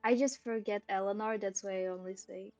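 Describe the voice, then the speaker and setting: A woman playing a tabletop game over voice chat, talking hesitantly and filling pauses with "um". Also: mid-range voice, steady tone, darkish tone. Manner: hesitant, lots of ums, quick to laugh. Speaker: player.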